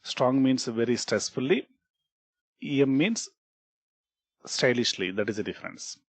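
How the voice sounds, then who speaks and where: Man, Indian English accent, patient coding tutorial, mid pitch, dry close sound. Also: expressive, a little slow, no room sound. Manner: explanatory, repeats points, frequent "okay" and "right?", restarts words. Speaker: programming instructor. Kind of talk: screen-recorded coding tutorial.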